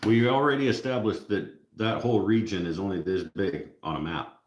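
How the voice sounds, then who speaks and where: A man's voice: on the low side, fairly quick, roomy sound, a little hiss or hum. A Canadian man with a Canadian accent, hosting a casual live stream, joking with viewers and laughing at his own jokes. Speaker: livestream host.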